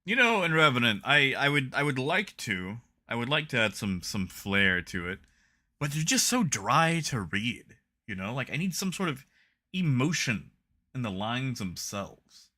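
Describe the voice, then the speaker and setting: A man's voice: mid-range voice, sing-song, unhurried, bright, forceful tone. A young man streaming a video game, chatting casually with his viewers and reading patch notes aloud with dry, wry jokes. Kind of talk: casual live-stream chat.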